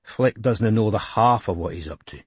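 A man's voice: fairly low pitch, normal speed, husky, no echo. A man reading an audiobook voices a blunt, crude-humoured man.

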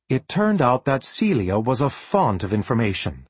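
Husky expressive male audiobook narrator. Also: medium pitch, normal speed, dry recording. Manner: expressive storytelling. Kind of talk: scripted narration.

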